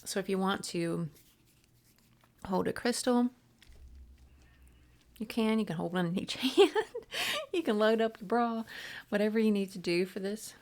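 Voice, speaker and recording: A woman reading an oracle card and leading a casual guided breathing meditation, speaking softly and unhurriedly with frequent ums and restarts. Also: mid-range voice, unhurried, pauses often.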